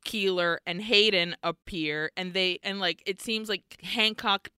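A woman co-hosting a podcast, recapping a movie in an animated, casual way and swearing freely. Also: mid-range voice, a little slow, clean tone, no echo, clean studio sound. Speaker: podcast co-host.

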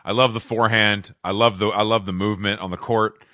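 A man with a Southern American accent hosting a podcast, teasing his co-host in quick, casual banter. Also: on the low side, steady tone, pushed and bright, no room sound, clean studio sound.

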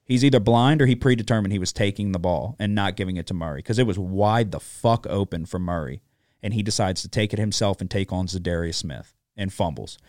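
A man's voice: sits low, fairly quick, a little mellow, dry recording, clean studio sound. A man co-hosting a sports betting podcast, ranting with frequent profanity in casual chat.

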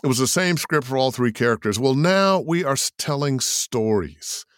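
An older man with a smooth, medium-pitched voice, a voice actor guest, answers interview questions at a moderate pace in a clean, dry studio recording. He's an animated storyteller who acts out quotes in put-on voices.

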